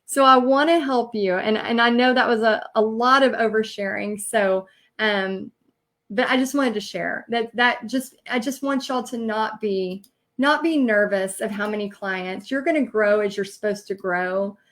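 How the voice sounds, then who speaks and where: A woman's voice: fairly high pitch, normal speed, fairly bright tone. A woman giving a live-streamed training talk as a business coach, earnest and emotional, rambling with many fillers.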